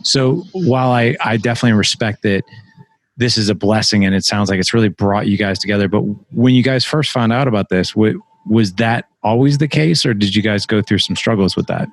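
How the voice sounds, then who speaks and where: A man hosting a podcast, speaking in a relaxed, reflective conversational way with frequent fillers. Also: lowish voice, a little fast, dry recording. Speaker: podcast host. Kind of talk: conversational interview.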